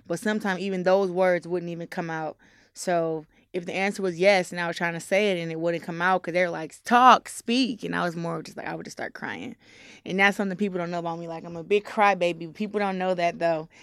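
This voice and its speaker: Young woman guest, lowish smooth voice, halting with fillers, dry close mic. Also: fairly even intonation, no room sound. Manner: halting, many fillers, candid. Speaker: interview guest. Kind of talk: casual interview talk.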